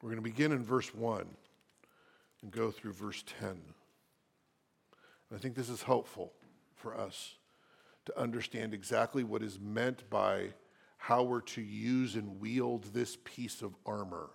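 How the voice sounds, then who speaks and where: A male pastor preaching an expository sermon. He reads scripture aloud and asks the congregation questions, speaking slowly and deliberately. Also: on the low side, fairly even intonation, vocal fry, husky.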